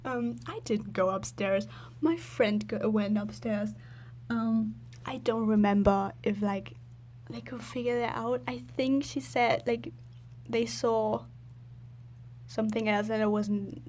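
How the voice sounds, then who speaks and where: A woman's voice: medium pitch, darkish tone, a little hiss or hum. A woman telling a story in a casual, rambling voice-over, filling her talk with "like" and giggling often. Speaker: video creator.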